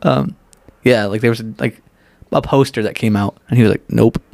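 A man's voice: mid-range voice, fairly even intonation, gravelly, a little mellow, no echo. A man co-hosting a casual movie review podcast, blunt and profane in his opinions. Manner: blunt and profane, quick to call things stupid. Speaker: podcast co-host.

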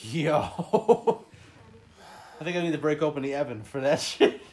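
A man's voice: on the high side, unhurried, a little mellow. A man with a slightly raised voice hosts a casual movie podcast. He swears freely and riffs sarcastically on the plot. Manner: profane, joking, mocking the plot. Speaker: podcast host.

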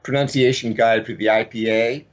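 A man's voice: mid-range voice, steady tone, moderate pace, muffled recording. A man co-author from the American South, telling stories in casual conversation with many fillers and restarts.

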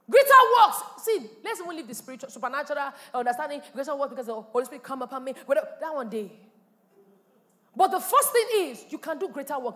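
A woman pastor preaches in an animated style, swinging from quiet asides to loud bursts. Her voice sits high and moves a lot. It rings out with a long reverb in a church hall. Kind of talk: sermon.

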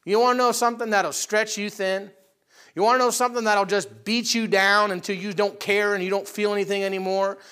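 A pastor preaching a conversational sermon to his congregation, swinging between loud animated outbursts and quiet asides. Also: high-pitched, brisk, smooth.

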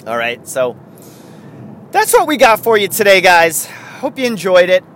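A man's voice: high-pitched, wildly swooping pitch, unhurried, a bit bright, slight background noise. A man hosting a podcast, chatting casually with lots of chuckles and rambling asides. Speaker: podcast host.

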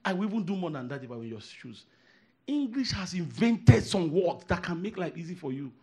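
A man preaching a sermon, emphatic, repeating phrases and swinging from hushed asides to shouted declarations. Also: sits high, very animated, fairly quick, slightly rough.

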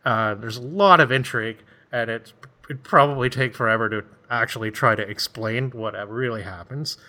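A man's voice: mid-range voice, moderate pace, pushed and bright. A man in casual conversation retelling a book's plot, rambling along with frequent laughs and acted-out bits. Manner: rambling, laughs often, acts out voices. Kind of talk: casual chat.

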